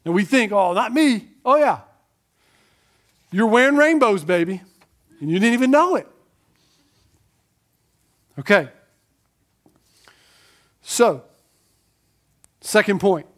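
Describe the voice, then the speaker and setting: A man's voice: sits high, very animated, slow, long pauses, fairly bright tone. A male pastor preaching with conviction, driving his points home through repeated phrases and rhetorical questions. He breaks into casual, chatty asides to the listeners between the bigger statements. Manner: conversational asides to the congregation. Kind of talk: sermon.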